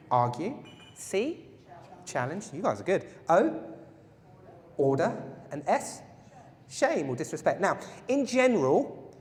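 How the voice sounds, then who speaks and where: A man teaching a live self-defense class, his voice a bit high for a man. He jokes with the group and keeps quizzing them. The sound rings through a large hall with a long reverb. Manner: playful, jokey, asks the audience questions. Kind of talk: live workshop lecture to a group. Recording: echoey hall.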